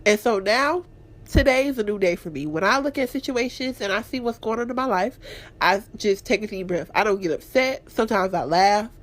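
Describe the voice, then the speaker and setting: Woman, podcast host, casual personal talk, candid, expressive, faith-based, mid-pitched voice. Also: a little fast. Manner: clears her throat often.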